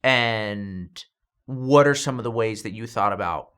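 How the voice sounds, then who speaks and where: A man hosting a podcast interview, asking curious, drawn-out questions. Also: fairly low pitch, fairly bright tone, clear, resonant tone. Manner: curious, asks long questions. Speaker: podcast host. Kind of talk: conversational interview.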